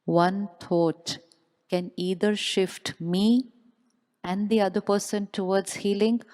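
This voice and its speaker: A woman's voice: lowish voice, a little mellow. Woman teaching in a reverberant hall. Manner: asks the audience questions and repeats them. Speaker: spiritual speaker. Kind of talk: motivational talk to a live audience.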